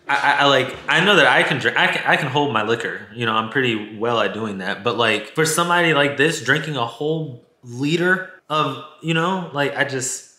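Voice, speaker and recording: A man's voice: medium pitch, animated, normal speed, bright, forceful tone. A man telling a personal story to his viewers in a candid, emotional way, swearing freely and stumbling over his words. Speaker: storytime vlogger. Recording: echoey room sound.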